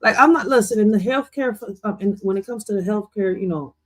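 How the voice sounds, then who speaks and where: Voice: mid-range voice, brisk, poor audio. A host rambles in casual reaction commentary, using slang and restarting sentences often.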